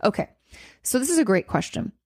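Gravelly-voiced woman therapist, rambling. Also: mid-range voice, big pitch swings, brisk, no echo, clean studio sound. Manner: rambling, emphatic, repeats herself with restarts. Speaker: therapist and podcast host. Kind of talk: casual podcast advice talk.

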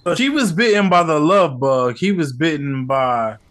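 A podcast host with a fairly high voice and moderate pace reviews films casually. His storytelling is profane and animated, full of acted-out quotes.

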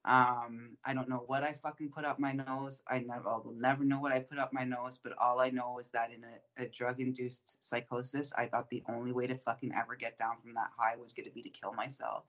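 A man's voice: medium pitch, little pitch movement, brisk, few pauses, fairly bright tone. A man telling his recovery story in casual conversation, swearing often and rambling with many fillers. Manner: profane, rambling, frequent fillers. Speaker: guest sharing recovery story. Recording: dull lo-fi sound.

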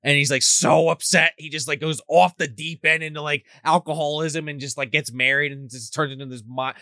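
A man's voice: fairly high pitch, steady tone, a little fast, pushed and bright, dry recording, studio quality. A man in a casual podcast chat, joking and swearing as he discusses a horror movie. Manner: chatty, profane, jokey commentary.

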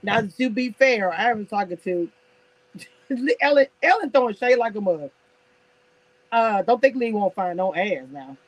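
A sassy woman talks straight to her live-stream viewers, teasing and laughing as she goes. Her voice sits at a middling pitch. The sound is close and dry, with no room around it. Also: animated, unhurried, long pauses, dry recording, poor audio. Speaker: reality TV commentator on a live stream. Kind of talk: casual live-stream chat.

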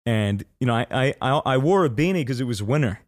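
A young man in his twenties chatting on a podcast mic, with a mid-pitched voice. He tells stories with lively enthusiasm, curses freely, and puts on voices for the people in them. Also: a little fast, dry recording. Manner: animated storyteller, swears freely. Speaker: podcast co-host. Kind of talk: casual chat.

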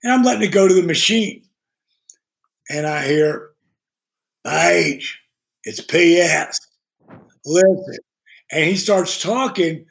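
Gravelly high-voiced man telling stories. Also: slow pace, pauses often. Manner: animated, acts out quoted voices. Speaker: guest, retired pro wrestler. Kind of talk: profane storytelling podcast chat.

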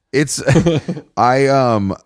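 A man's voice: mid-range voice, darkish tone, no room sound, studio quality. A man co-hosting a podcast in casual chat, gossipy and chatty, often laughing and restarting his sentences. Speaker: podcast co-host.

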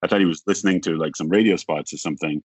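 Man, deep voice, casual storyteller, acts out quotes, dry muffled recording. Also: very fast, no echo. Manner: rambling, acts out quoted dialogue, frequent "like". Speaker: podcast guest.

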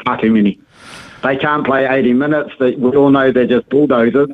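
A man's voice: medium pitch, fairly even intonation, fairly quick. Brief: New Zealand male caller, earnest, phone-filtered. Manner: earnest, opinionated. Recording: tinny phone line.

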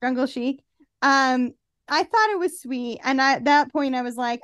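A woman's voice: high-pitched, normal speed, a bit bright, smooth, dry recording, studio quality. A woman co-hosting a podcast, chatting casually and sarcastically, often acting out quotes. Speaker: podcast co-host. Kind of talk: casual chat recapping a reality show.

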